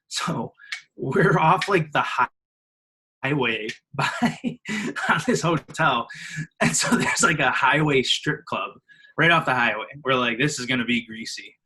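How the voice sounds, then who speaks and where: A young Illinois man in his twenties, with a mid-range voice on a low-quality recording, is a guest on a podcast. Casual and animated, he tells stories by acting out the people in them, with frequent laughter and heavy use of filler words.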